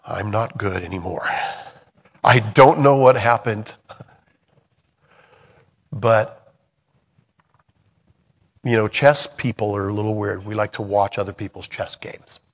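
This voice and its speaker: A man preaching a sermon in a conversational way, swinging from loud emphatic bursts to soft, hushed lines. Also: lowish voice, slow, pauses often.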